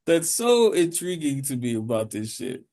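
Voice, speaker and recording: A man's voice: medium pitch, sing-song, normal speed, warm tone. A man co-hosting a podcast, chatting casually and telling profane stories full of comic voices. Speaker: podcast co-host. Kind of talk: casual chat.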